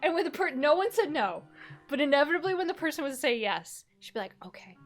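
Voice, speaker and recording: High-voiced woman telling stories on a stream. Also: fast, soft background music. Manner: animated storyteller, swears freely, laughs often. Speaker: streamer co-host. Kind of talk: casual chat on a live stream.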